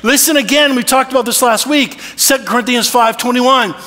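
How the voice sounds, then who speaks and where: Male pastor, high and bright, conversational preaching with rhetorical asides, long church reverb. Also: fairly quick. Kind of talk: sermon. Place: church sanctuary.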